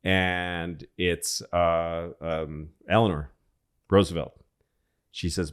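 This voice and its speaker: Low-voiced man telling a rambling story. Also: little pitch movement, slow, clear, resonant tone. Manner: rambling, profane, full of restarts. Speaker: comedian guest. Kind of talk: casual storytelling on a podcast.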